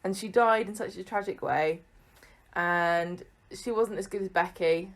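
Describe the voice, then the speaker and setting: A woman co-hosting a casual chat, teasing and blunt with quick interjections. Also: fairly low pitch. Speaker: podcast co-host. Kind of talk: casual chat rating soap characters.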